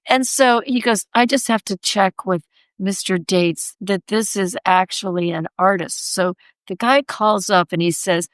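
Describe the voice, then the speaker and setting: A woman sculptor, a podcast guest, telling an anecdote and acting out the quoted voices in a higher pitch. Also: moderate pace, dry recording. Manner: animated, acts out quoted voices in a raised pitch. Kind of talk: anecdotal storytelling in conversation.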